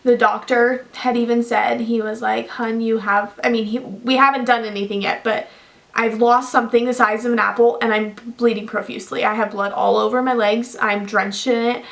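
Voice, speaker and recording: A woman's voice: fairly high pitch, little pitch movement, normal speed, gravelly. A young woman vlogging casually, telling a long personal story with many fillers and restarts. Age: young adult. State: tearful at times.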